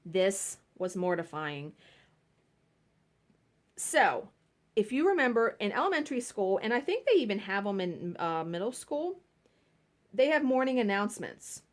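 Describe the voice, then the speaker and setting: A woman's voice: medium pitch, big pitch swings, a little slow, pauses often. A woman vlogging casually while she cross stitches at home, telling stories and laughing at herself. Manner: chatty storytelling, laughing at herself.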